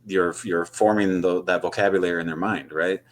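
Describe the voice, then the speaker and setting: A man who teaches high school English, a guest on a podcast, talking casually and thoughtfully with many fillers. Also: fairly even intonation, fairly quick. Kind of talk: casual interview conversation.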